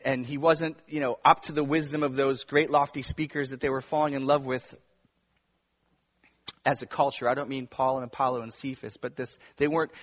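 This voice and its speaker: Man preaching in an echoing sanctuary. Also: a little high. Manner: swings between hushed and emphatic. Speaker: pastor. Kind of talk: sermon. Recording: long reverb of a large room.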